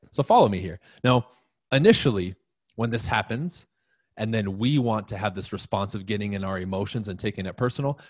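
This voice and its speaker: Emphatic low-voiced male coach, dry sound. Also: no echo. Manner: emphatic, profane, talks straight to the listener. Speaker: real estate coach. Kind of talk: live-streamed motivational talk.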